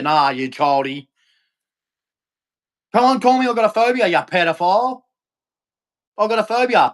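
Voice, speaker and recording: A man's voice: on the high side, normal speed, pauses often, a bit bright. A man, hosting a livestream and delivering a heated, accusatory, repetitive rant full of profanity. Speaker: livestream host.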